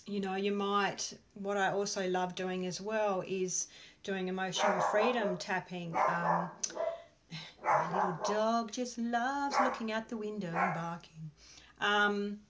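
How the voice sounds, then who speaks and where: A woman's voice: medium pitch, steady tone, unhurried, very noisy. Woman, workshop presenter, casual and rambling, lots of fillers, at home. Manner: chatty, rambling, many fillers. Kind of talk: casual live online workshop talk. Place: at home with her dog.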